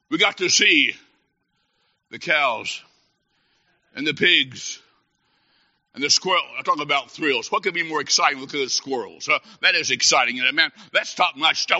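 A man preaching a humorous sermon as a Baptist preacher, telling stories with mock excitement and then dropping to soft, earnest tones. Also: a little high, dull audio.

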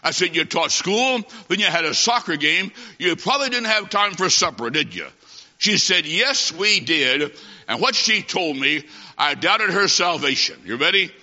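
A man preaching a humorous sermon, telling a comic story and acting out the dialogue with lively timing. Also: high-pitched, moderate pace. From half Italian. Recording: dull recording in a long-echoing hall.

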